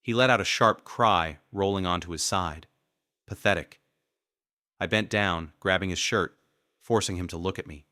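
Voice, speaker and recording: A man's voice: sits low, moderate pace, pushed and bright, dry recording, clean studio sound. A man narrating a first-person revenge story in a cold, menacing manner.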